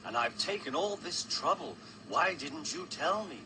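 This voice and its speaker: A man's voice: a little high, big pitch swings, unhurried, noisy background, voice pushed up. A man voicing a smug, oily-voiced male diesel engine with falsely polite, boastful manners. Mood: sulky. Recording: loud background music.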